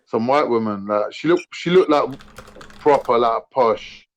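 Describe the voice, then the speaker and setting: Lively man telling stories on a stream. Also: mid-range voice, a little slow. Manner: lively storyteller, mimics voices. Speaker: panelist on a live stream chat. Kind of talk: casual chat.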